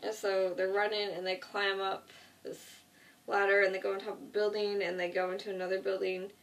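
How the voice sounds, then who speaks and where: A woman casually retells a story, rambling along, correcting herself and leaning on "like." Her voice is gravelly with vocal fry, at a middle pitch. She sounds a little distant from the mic. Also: flat delivery, fairly quick. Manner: rambling, self-correcting, lots of 'like'.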